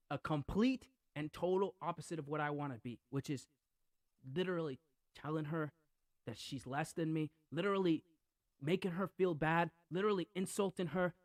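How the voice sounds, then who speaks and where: Brief: man, casual podcast talk, rambling and emphatic, fairly high-pitched, dry sound. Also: no room sound. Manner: rambling, emphatic, repeats "literally".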